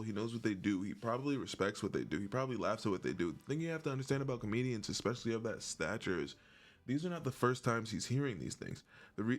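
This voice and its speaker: A man talking to camera in a casual vlog, rambling and jokey, swearing freely and breaking into laughs. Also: mid-range voice. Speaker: YouTuber.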